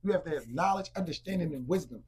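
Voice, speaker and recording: A man in casual chat as a podcast co-host, animated and rambling, full of slang and restarts. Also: fairly high pitch, fast, a little hiss or hum.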